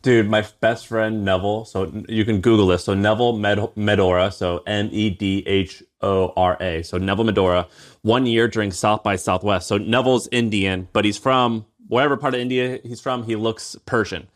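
A man's voice: lowish voice, fairly even intonation, normal speed. A man co-hosting a podcast, talking casually with slang and jokes. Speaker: podcast co-host. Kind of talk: casual chat.

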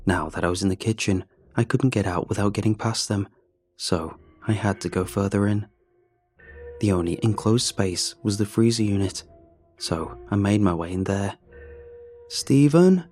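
A man narrating a first-person story in a measured, steady way. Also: lowish voice, faint music behind.

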